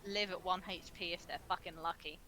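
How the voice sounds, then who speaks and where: A woman's voice: lowish voice, steady tone, a little fast, pushed and bright, slight background noise. A woman playing in a tabletop game, eagerly describing her character's moves. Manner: eager, cheers at the dice rolls. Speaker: player.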